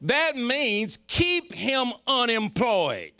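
A pastor preaching a folksy, joking sermon. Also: male voice, very high-pitched, big pitch swings, very slow, sharp tone.

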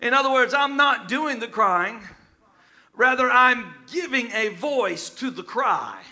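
High-pitched shouting preacher man. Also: animated, slow. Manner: call-and-response preaching, often shouting and chanting. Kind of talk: sermon.

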